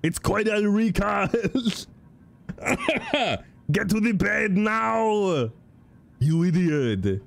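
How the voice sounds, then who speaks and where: A man's voice: sits high, very animated, very slow, vocal fry, long pauses, voice pushed up, exaggerated voice. A man doing an impression of a boastful action-movie strongman, clipped and heavy.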